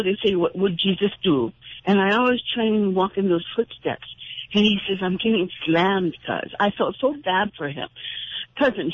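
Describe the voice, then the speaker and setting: Man, radio host, impassioned, rambling, high voice, dull lo-fi broadcast sound. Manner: impassioned, indignant, rambling with restarts. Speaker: radio talk show host. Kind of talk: call-in radio monologue.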